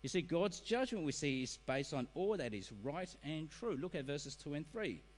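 A middle-aged man preaching a sermon, animated and acting out excuses in quoted voices. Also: fairly high pitch, normal speed. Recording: reverberant hall.

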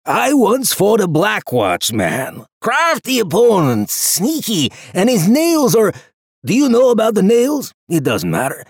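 A man voicing a huge, boastful male gladiator woodsman who talks in a calm, mocking, formal way in an audiobook. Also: high voice, a little slow, breathy edge, dry recording, clean studio sound, voice pushed up, heavily acted. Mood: taunting.

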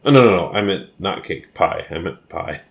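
A tipsy man rambles through quick questions on a home podcast, laughing often and backtracking. His voice sits low and loose. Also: animated, vocal fry. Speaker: podcast co-host. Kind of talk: casual chat.

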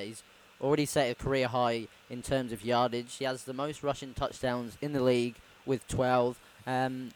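Male co-host, mid pitch, casual and hesitant, a little wry. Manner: hesitant, filler ums, wry. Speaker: sports podcast co-host. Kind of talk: casual chat.

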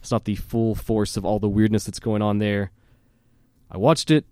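Animated male podcast storyteller. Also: lowish voice, normal speed, dry recording, clean studio sound. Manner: animated storyteller, fillers and self-laughs. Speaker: podcast host. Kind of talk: casual storytelling chat.

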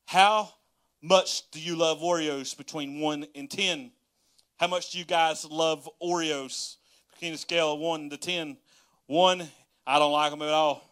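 A man's voice: on the high side, a little slow. A man, a pastor giving a casual livestream sermon full of folksy stories and laughter. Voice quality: folksy, laughing, storytelling, animated.

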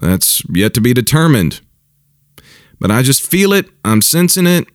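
A man, a pastor, giving casual spoken commentary, halting and repeating himself, chuckling now and then. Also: medium pitch, sing-song, no echo, studio quality. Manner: halting and repetitive, with chuckles and mocking mimicry.

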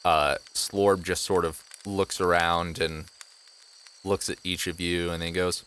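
A man narrating as game master of a tabletop game, in relaxed, playful storytelling. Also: low-pitched, measured pace, clear, resonant tone.

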